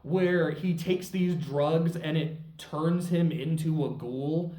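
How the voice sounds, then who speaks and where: A man's voice: fairly high pitch, slow pace, mellow. Young man, rambling casual reviewer; echoey room, distant mic. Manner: rambling, laughing, lots of filler and cursing. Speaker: show reviewer. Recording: roomy echo, mic at a distance.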